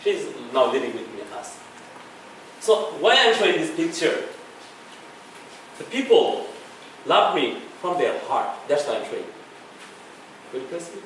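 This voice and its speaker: A middle-aged man with a Bangladeshi accent gives a public talk in an echoey lecture hall, heard from some distance off the mic. His voice sits a little high for a man, and his delivery is earnest and halting, full of restarts and chuckles. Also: big pitch swings, a bit bright, a little hiss or hum. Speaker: guest speaker.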